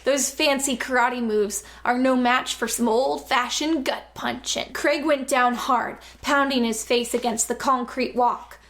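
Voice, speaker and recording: A woman's voice: on the high side, steady tone, unhurried, hardly any pauses, fairly bright tone. A woman reading a novel aloud and breaking in with sarcastic, amused comments.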